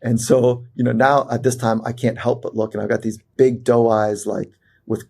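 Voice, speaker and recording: A man, a performance psychologist, telling a personal story as a podcast guest in an animated way, with fillers and restarts. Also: medium pitch, moderate pace, vocal fry. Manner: animated storyteller who acts out quoted voices, many fillers and restarts.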